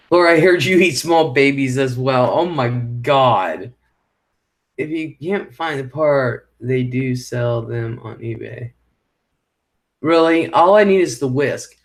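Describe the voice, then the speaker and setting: A middle-aged man hosts a live stream and rambles through viewer comments. He talks in an unhurried, drawn-out way at a middling pitch. When something annoys him, he swears freely. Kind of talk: casual live chat reading viewer comments.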